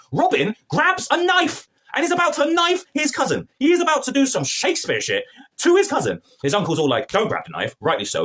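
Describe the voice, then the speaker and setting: A man talks quickly through a TV episode he dislikes, and he sounds exasperated and sarcastic. His slangy retelling swings widely in pitch, jumping up and down as he mocks the characters. He keeps up a rapid, lively rant throughout. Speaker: film and TV reviewer. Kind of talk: ranting review to camera.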